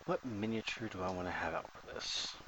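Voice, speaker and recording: Male gamer, fairly low voice, casual thinking-aloud commentary. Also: fairly quick, background noise. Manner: thinks aloud while playing, chatty and joking. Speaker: gamer commentating his own play.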